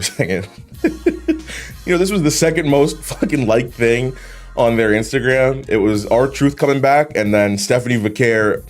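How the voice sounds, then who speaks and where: A man's voice: mid-range voice, normal speed, soft background music. A man hosting a video, ranting about wrestling in an exasperated, profane way with heavy swearing. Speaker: YouTube host reacting to wrestling memes. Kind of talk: ranting commentary.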